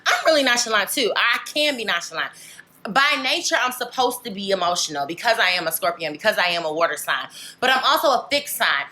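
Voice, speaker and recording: A woman's voice: medium pitch, expressive, fairly quick, pushed and bright. A young woman vlogger chatting candidly to camera, rambling and filling with "like" and "legit". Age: young adult. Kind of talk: casual chat to camera.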